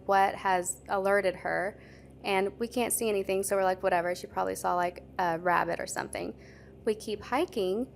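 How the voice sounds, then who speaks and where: A woman's voice: mid-range voice, a little hiss or hum. A young adult woman, a podcast co-host, telling a story in casual chat, full of "like" fillers. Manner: chatty, lots of "like" fillers.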